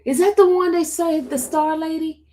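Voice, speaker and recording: A woman hosting a casual livestream, chatting and answering viewer comments in an expressive way. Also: very high-pitched, moderate pace. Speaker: livestream host covering court cases. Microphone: streaming setup.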